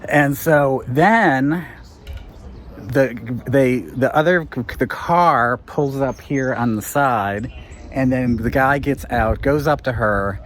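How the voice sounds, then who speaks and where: A man who runs a guesthouse, telling stories to the camera in an animated, chatty way and laughing now and then. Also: mid-range voice, slow. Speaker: guesthouse owner and vlog host. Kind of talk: casual storytelling vlog.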